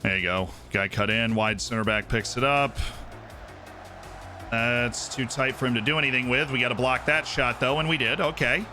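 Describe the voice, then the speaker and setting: A man live-streaming a football manager game, commenting on the match like a sports caster and bursting into shouts at goals. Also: mid-range voice, moderate pace. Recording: game music clearly playing behind. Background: game music.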